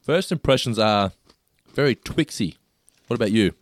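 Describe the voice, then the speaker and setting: A man's voice: on the low side, expressive, moderate pace. A man, co-hosting a casual snack taste test and describing each food with enthusiasm. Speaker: co-host.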